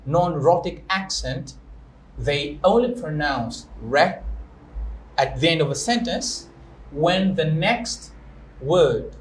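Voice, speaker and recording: A young man, an English teacher and show host, runs a live-streamed interview in a chatty, playful manner, pausing to explain pronunciation with examples. His voice is on the high side with lively intonation, and he speaks slowly with frequent pauses in an echoey room with faint noise.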